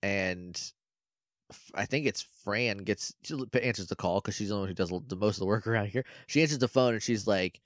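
A man's voice: lowish voice, brisk, no echo, clean studio sound. A man co-hosting a podcast, casually recapping an episode, rambling and laughing as he acts out the characters' lines. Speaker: podcast co-host.

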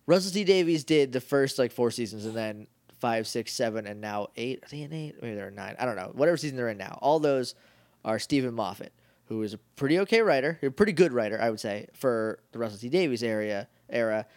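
A man's voice: mid-range voice, expressive, a little fast, a little mellow, no echo. A man co-hosting a podcast, chatting casually with a rambling, jokey manner and lots of fillers. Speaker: podcast co-host. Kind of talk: casual chat.

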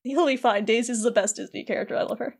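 A woman co-hosting a casual podcast, retelling game scenes with quick paraphrased voices for the characters. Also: on the high side, gravelly. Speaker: podcast co-host.

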